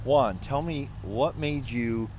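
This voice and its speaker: A man's voice: mid-range voice, takes it slowly, darkish tone, a little hiss or hum. An older man telling a story in a casual, rambling way, full of fillers and restarts, recorded outdoors in a parking lot. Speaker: vlogger.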